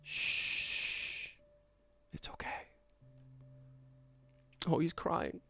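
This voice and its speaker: A man's voice: drawn-out words, bright, forceful tone, soft background music. A man putting on a British accent to play a tearful, melodramatic young man mourning a lost bucket. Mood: melodramatic grief. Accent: British, put on. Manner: overwrought, gushing, sobbing theatrics.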